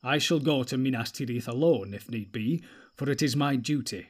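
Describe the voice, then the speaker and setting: A man voicing a proud, grave warrior who is inwardly torn, speaking in measured tones. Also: medium pitch, close to an everyday voice.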